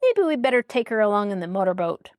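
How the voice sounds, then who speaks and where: A woman's voice: mid-range voice, big pitch swings, fast, darkish tone, smooth, lightly acted. Woman reading a cold, cruel girl kidnapper. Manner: cold, clipped.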